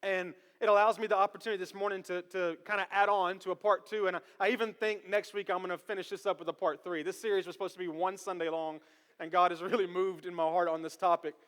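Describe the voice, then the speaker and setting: A man in his thirties preaching a sermon as pastor, animated and joking with the congregation. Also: high-pitched, fast, clean tone. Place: church sanctuary. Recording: long church hall reverb.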